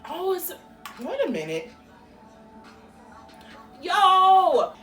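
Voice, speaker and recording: A woman's voice: medium pitch, lively intonation, slow, a bit bright, distant mic. A woman, chatting casually through a beauty product unboxing, exclaiming as she reacts. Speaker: beauty vlogger. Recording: roomy echo, a bit off-mic, faint music.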